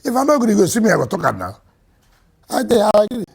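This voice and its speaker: Nigerian man, very gravelly and raspy, lively animated pitch, emphatic interview answers. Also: rapid-fire. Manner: emphatic, lively, swings between loud and quiet. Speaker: state governor, interviewee.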